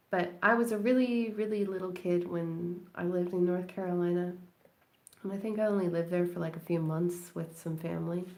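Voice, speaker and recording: Her voice sits at a medium pitch with a somewhat dark tone as she runs a late-night crafting stream from indoors at home. She rambles along in easygoing chatter, laughing frequently while she crafts.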